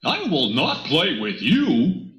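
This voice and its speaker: A woman's voice: deep voice, wildly swooping pitch, slow pace, a bit bright, echoey room, heavily acted. A woman voicing a boastful, laughing male horse in a children's storybook recording, with a smug, taunting manner.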